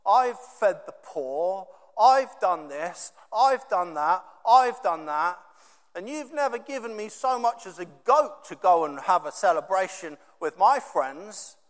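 A preacher voicing an indignant older brother. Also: male voice, high voice, expressive, slow, long reverb tail. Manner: indignant, emphatic complaining. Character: resentful dutiful older brother, adult man.

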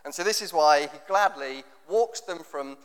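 A man's voice: on the high side, moderate pace, clear, resonant tone. A man preaching a sermon in a conversational, jokey way, often acting out what people say. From England. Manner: conversational, jokey, acts out quotes. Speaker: pastor. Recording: long hall reverb.

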